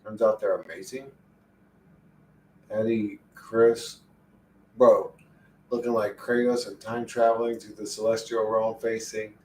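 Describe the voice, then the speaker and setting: A man's voice: on the low side, echoey room, distant mic, a little hiss or hum, poor audio. A man chatting casually and profanely on a live stream, joking and getting easily worked up.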